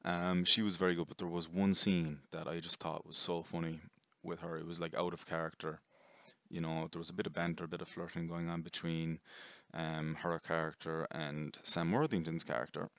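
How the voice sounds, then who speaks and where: A man giving a casual, rambling movie review, chatty and quick to swear. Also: low voice, little pitch movement, fairly bright tone, no room sound, clean studio sound. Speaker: film reviewer.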